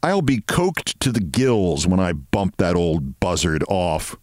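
A man voicing a meek, neat middle-aged male clerk who speaks quietly and deadpan. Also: low voice, slow pace, no room sound, clean studio sound, pitched below the performer's own voice.

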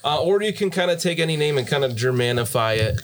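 A man hosting and running a tabletop role-playing game in casual chat, easygoing and quick to laugh. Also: fairly high pitch, expressive, background noise. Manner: easygoing, laughs often, reads out lists. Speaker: game master and host.

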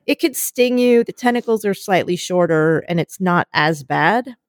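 Woman, young adult, animated storytelling, mimics voices, dry recording. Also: on the low side, normal speed, no echo. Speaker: co-host. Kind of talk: casual storytelling chat.

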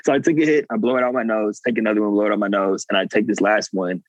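A man's voice: fairly low pitch, quick pace, no echo, rough recording. A man guest telling a personal story earnestly, acting out what people said. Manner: animated, earnest, acts out quotes. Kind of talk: casual storytelling.

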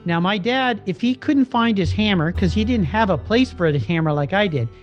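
A middle-aged man, a guest, telling a personal story in a casual, animated way, acting out the voices of the people in it. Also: high voice, moderate pace. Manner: animated, acts out quoted dialogue. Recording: slightly dull lo-fi recording with faint music.

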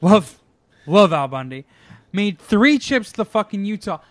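A man with a notably high voice, talking in a loose, casual chat. He rants in an exasperated way and swears freely. The sound is very dry, with no room echo. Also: big pitch swings, measured pace. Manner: profane, exasperated ranting.

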